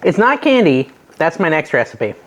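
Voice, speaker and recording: A middle-aged man hosting a casual home cooking vlog, chatty and nervous, with a self-deprecating manner and sudden excited yelps. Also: a little high, moderate pace. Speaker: cooking channel host. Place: home kitchen.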